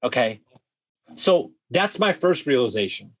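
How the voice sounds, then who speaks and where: A man telling a wild story as a podcast guest, animated, swearing freely and full of "like" fillers. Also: mid-range voice, unhurried. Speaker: guest, vacation rental host. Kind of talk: casual storytelling.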